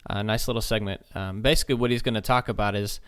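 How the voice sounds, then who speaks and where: Low-voiced man hosting with hesitant "uh"s. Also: fairly even intonation, fast, fairly bright tone, clear, resonant tone. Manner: hesitant, many "uh" restarts. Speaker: podcast host. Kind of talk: casual podcast chat.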